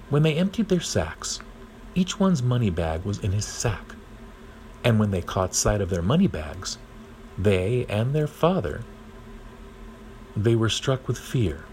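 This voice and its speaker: A man reading scripture aloud in a steady, plain way. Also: fairly low pitch, a little slow, long pauses, slight background noise, low-quality recording. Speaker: reader.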